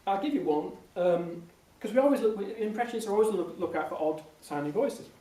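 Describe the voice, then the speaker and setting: A man, an impressionist, answering audience questions with lively, animated anecdotes and frequent restarts. His pitch swings widely. He sounds distant from the mic in a big, echoey hall with faint background noise. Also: fast. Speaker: impressionist speaking as guest. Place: large hall before an audience.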